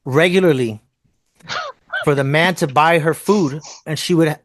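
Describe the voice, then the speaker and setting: A man's voice: a little high, moderate pace, fairly bright tone. A man chatting casually on a podcast, frank and swearing freely, often asking rhetorical questions. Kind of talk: casual chat.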